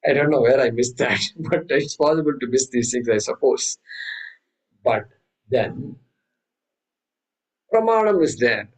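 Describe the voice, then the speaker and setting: A man teaching a scripture class, telling stories with many restarts and reciting Sanskrit verses slowly. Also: medium pitch, expressive, low-quality recording. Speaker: Vedanta teacher. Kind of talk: spiritual class lecture.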